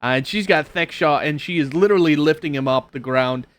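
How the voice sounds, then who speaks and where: A man narrating as game master, hesitant and filling pauses with uh and um. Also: a little high, a bit bright. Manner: hesitant, lots of uh and um.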